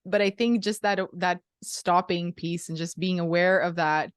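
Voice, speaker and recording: A woman's voice: fairly low pitch, fairly even intonation, normal speed, clean tone, no echo. Earnest woman podcast host, dry sound. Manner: earnest, reflective and conversational. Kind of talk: casual interview chat.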